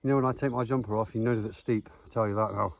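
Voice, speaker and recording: A man's voice: lowish voice, fairly even intonation, racing, creaky. A young man, chatting casually to his phone camera as he hikes up a windy hillside. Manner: chatty, matey, talks to camera while walking. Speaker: travel vlogger. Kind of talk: casual hiking vlog. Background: wind and outdoor ambience.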